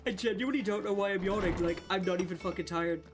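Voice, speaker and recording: A casual streamer talking through a game session at a middle pitch, chatty and loose with swear words. Soft game music plays faintly behind the voice. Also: fast talker. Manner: chatty, sweary, reads game text aloud. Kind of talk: casual live gameplay chat.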